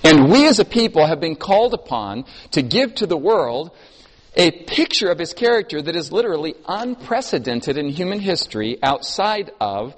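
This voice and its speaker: A man preaching a sermon to a congregation, telling stories expressively and moving between emphatic and soft delivery. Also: a little high, sing-song, moderate pace. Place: church hall. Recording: long hall reverb.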